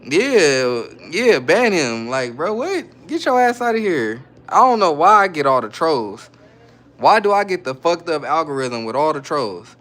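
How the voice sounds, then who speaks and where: In a fairly high, a-bit-bright voice, a man unhurriedly but very animatedly reads out his livestream chat and answers viewers in loose slang, keeping the whole thing casual.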